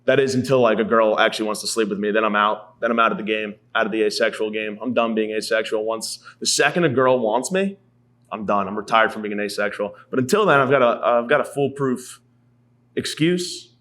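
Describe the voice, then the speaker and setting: A man's voice: lowish voice, fairly quick, a bit bright. A man in his thirties delivering a rambling, profane, self-mocking comedy monologue as a podcast host. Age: 30s.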